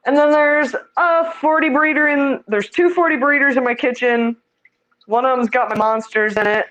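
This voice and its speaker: A woman's voice: high voice, normal speed, fairly bright tone, poor audio. A woman giving a casual tour of the fish tanks in her home, chatty and self-deprecating, laughing easily.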